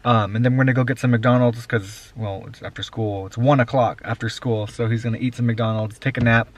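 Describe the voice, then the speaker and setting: A young man, a father and vlogger, chats casually to a handheld compact camera in a home vlog filmed at home and in a car. His mid-range voice has a steady tone and a slightly fast pace. Background noise and vehicle hum are audible.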